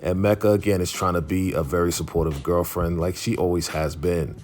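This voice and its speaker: A man's voice: sits low, fairly even intonation, fairly quick, darkish tone, soft background music. A man casually recapping a TV episode in slangy storytelling, acting out the characters' lines. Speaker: YouTube show recapper.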